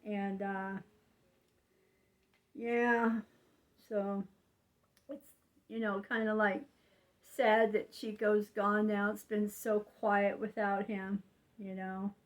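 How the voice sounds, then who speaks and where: Older woman, slow confiding talker, rambling neighborhood chat. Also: mid-range voice, little pitch movement, low-quality recording. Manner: slow, rambling, confiding, with frequent "you know". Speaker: vlogger. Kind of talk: casual monologue.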